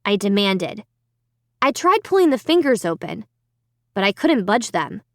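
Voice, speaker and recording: A woman reading a children's horror book aloud in first person, with expressive dramatic delivery on a close microphone. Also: mid-range voice, measured pace, no echo. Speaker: audiobook narrator. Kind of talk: scripted first-person narration.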